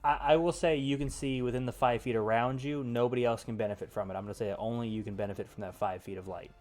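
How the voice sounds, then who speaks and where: A man's voice: mid-range voice, quick pace, soft background music. Man running a tabletop game. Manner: relaxed, rule-checking, descriptive. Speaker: game master.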